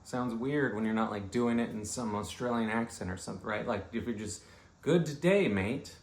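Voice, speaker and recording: A man's voice: on the low side, fairly even intonation, brisk. Rambling comic man in an echoey room. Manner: rambling, self-interrupting, conversational asides. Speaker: comedian. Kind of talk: rambling comedic monologue.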